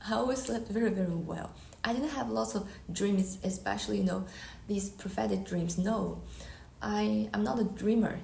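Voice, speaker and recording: Slow, gravelly woman. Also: mid-range voice, roomy sound, a little hiss or hum. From Shanghai, China. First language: Chinese. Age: 40s. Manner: slow and earnest, with frequent restarts and soft, breathy asides. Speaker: Christian artist giving a testimony. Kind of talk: personal testimony, unscripted.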